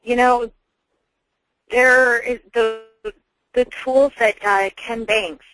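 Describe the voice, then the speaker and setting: A woman speaking as a webinar guest, enthusiastic but halting, often searching for her words. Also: on the high side, fairly even intonation, a bit bright, no echo, faint music behind, poor audio. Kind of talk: conversational webinar talk.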